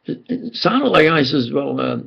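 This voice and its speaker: An older man telling a rambling first-person account, often acting out dialogue and dropping into low mutters. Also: big pitch swings, normal speed, gravelly, husky, lo-fi sound. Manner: digressive, quotes others in dialogue, drops to low mutters. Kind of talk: rambling conspiracy monologue.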